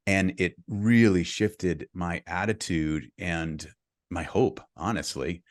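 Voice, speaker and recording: A man's voice: deep voice, takes it slowly, no echo, studio quality. A middle-aged man, a real estate investor, telling a candid personal story in a podcast interview, earnest and open. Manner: earnest and open, speeds up when reliving the story.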